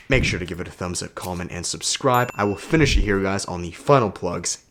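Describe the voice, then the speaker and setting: A man with a fairly low voice gives a motivational vlog monologue into the mic of the device he films on. He coaches self-development and talks in an emphatic, preachy way, peppering his points with curse words. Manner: emphatic, preachy, swears a lot.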